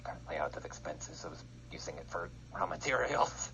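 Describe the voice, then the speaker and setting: A man's voice: extremely low pitch, lively intonation, brisk, pushed and bright, dull audio. A man playing in a casual tabletop game, jokey and prone to swearing, with faint background noise. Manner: joking, swearing, laughs a lot. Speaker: player.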